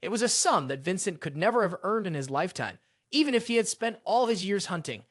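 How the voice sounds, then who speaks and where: A storyteller recapping a fantasy tale in a steady, even manner. The pitch moves a lot from phrase to phrase. The mic is close and dry, with no room sound. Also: a little fast, dry recording. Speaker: narrator.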